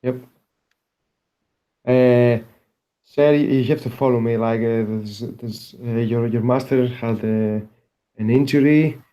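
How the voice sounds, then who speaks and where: A man playing a tabletop game, speaking partly in character in a halting way. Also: mid-range voice, steady tone, warm tone, low-quality recording. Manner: halting, with fillers. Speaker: player.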